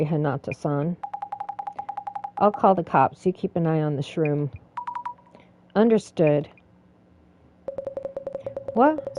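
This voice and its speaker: A woman's voice: medium pitch, noisy background. A woman reading a game's dialogue aloud, voicing every character in turn with dramatic reads. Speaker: let's play narrator reading all characters.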